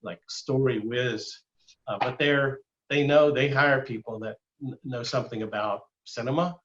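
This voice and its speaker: A man's voice: medium pitch, a little slow, a bit bright, muffled recording. Rambling older man giving a talk. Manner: rambling, many fillers and restarts, chatty. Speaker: guest speaker, former animator. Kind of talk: casual illustrated talk.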